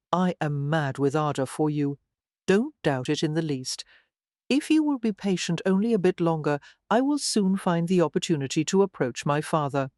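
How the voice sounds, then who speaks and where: A narrator voicing an ardent young gentleman reading out his devoted love letter in an earnest, slightly lowered voice. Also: no room sound, studio quality, natural voice.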